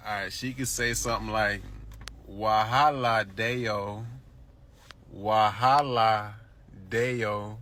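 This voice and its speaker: A man's voice: lowish voice, fairly bright tone, roomy sound, slight background noise. A man chatting casually and with amusement, laughing at himself as he tries out phrases. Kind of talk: casual chat.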